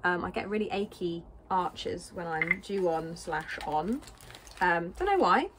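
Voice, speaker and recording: A woman's voice: lowish voice, expressive, measured pace, noisy background. A British woman vlogging in a casual, rambling way, thinking aloud as she packs. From Britain. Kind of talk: casual chat while packing.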